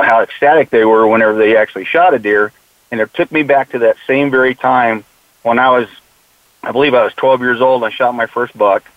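A mid-range male voice belongs to an American mule deer conservationist who mentors youth hunters. Chatting casually in an interview, he tells earnest stories and often quotes his advice to the kids, over a dry, tinny, phone-like recording without room sound.

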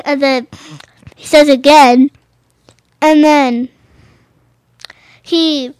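A woman's voice: high voice, dry recording. A woman reading children's picture books aloud, stumbling over and rereading phrases and adding casual comments of her own.

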